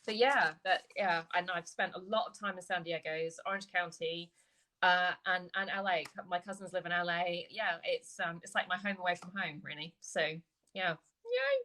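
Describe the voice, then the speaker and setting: A woman with an English accent, hosting a casual chat with an author, chatty and quick to agree. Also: fairly low pitch, steady tone, sharp tone, rough recording. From England, with childhood years in California. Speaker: host interviewing an author. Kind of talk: casual video-call chat.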